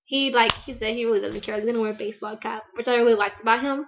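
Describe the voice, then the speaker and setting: A teenage American girl talks fast and loose in a casual fan vlog, gushing and rambling with endless fillers. Her voice sits high, and the recording is dull and lo-fi like an old webcam. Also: steady tone, noisy background. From United States. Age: teen. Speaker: vlogger.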